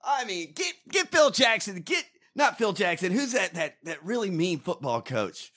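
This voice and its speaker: A man co-hosting a podcast, ranting casually with profanity and shouting now and then. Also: high voice, big pitch swings, normal speed. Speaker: podcast co-host.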